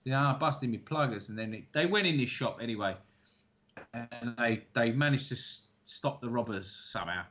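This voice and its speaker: A man's voice: medium pitch, animated, fairly quick, a bit bright, highs cut off. A man co-hosting a casual chat over beers, telling stories in a laid-back way and swearing freely. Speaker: co-host.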